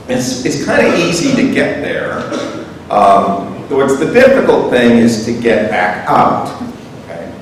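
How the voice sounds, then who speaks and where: A man's voice: mid-range voice, a little hiss or hum. A man giving a literature lecture in a school hall, speaking conversationally and often checking in with the audience. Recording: echoey hall from far off.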